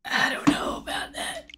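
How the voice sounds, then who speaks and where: A woman's voice: a little high, pushed and bright. A woman streamer chatting casually to her viewers while gaming, swearing freely.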